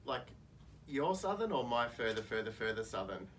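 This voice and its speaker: A man with an Australian accent, a company guest in a relaxed radio interview, answering briefly and easily. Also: medium pitch, normal speed, far from the mic, a little hiss or hum.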